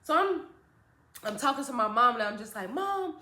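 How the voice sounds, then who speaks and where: Animated young woman telling a story. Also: fairly high pitch, fairly quick. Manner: animated, acts out voices in quotes. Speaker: vlogger. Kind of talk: casual storytime. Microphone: phone or tablet camera. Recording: echoey room.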